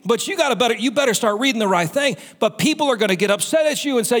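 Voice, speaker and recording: A man preaching a sermon as pastor, animated and acting out the quotes he tells. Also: extremely high pitch, quick pace, few pauses. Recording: roomy hall with music behind.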